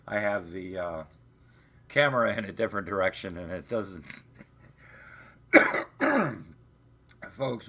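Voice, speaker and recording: A man's voice: low voice, a bit bright. A man hosting a livestream from home, chatting in a rambling, profane, meandering way. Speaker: livestream host. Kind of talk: rambling live-stream chat. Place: home, off camera.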